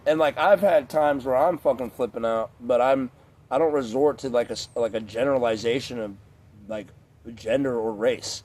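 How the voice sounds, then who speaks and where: A man's voice: medium pitch, fairly even intonation, fairly quick, a little mellow. A man in a casual, rambling vlog rant, profane and digressive, a few beers in. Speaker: vlogger.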